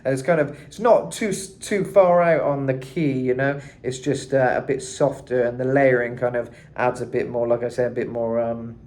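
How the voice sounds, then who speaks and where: A man's voice: mid-range voice, level tone, normal speed, few pauses, darkish tone. A man giving a casual singing tutorial, chatting loosely with lots of fillers and asides. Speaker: vocal coach. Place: hot room indoors.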